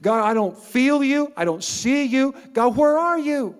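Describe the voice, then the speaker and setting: A preacher acting out a desperate crying prophet. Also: male voice, extremely high pitch, animated, unhurried, clear, resonant tone, long reverb tail, voice pushed up. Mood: anguished. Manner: pleading, desperate, strained. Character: anguished male prophet crying out to God.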